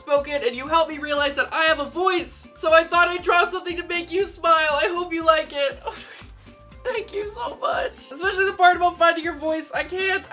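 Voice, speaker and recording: A young man hosting a casual vlog, opening fan mail and gushing excitedly, often squealing. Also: extremely high pitch. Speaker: YouTube host.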